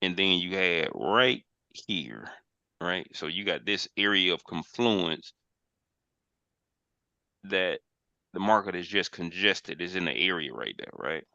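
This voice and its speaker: An emphatic man coaching traders on a group call, circling back on his phrases to drive points home. His voice is bright and forceful and sits a little low. The call audio is dry and dull, with a lo-fi sound. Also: slow pace, gravelly, pauses often, no echo. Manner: emphatic, repeats phrases, playful bursts. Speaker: trading mentor, host. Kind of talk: casual online group call, chart walkthrough.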